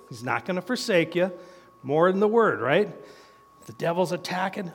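High-voiced middle-aged man preaching. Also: expressive, normal speed, breathy edge. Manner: folksy, chuckles between points. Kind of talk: sermon. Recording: long hall reverb.

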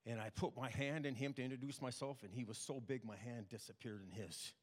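An older man preaching a sermon, telling personal stories in a plain, halting way. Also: mid-range voice, fairly even intonation. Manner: plain, halting testimony with restarts. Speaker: pastor. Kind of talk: storytelling sermon. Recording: long reverb of a hall.

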